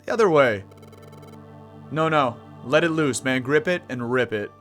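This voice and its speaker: A man's voice: medium pitch, lively intonation, unhurried, fairly bright tone. A man giving casual, jokey commentary over a game playthrough, laughing often and using slang. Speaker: gameplay commentator. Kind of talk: casual let's-play commentary. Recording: faint game music behind.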